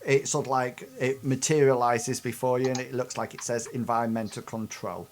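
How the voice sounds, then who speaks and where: Guy gm'ing a tabletop session, mid-pitched, halting, keeps restarting his sentences. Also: fairly even intonation, a little hiss or hum. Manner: halting, many restarts while describing scenes. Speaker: game master. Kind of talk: narrating a tabletop game.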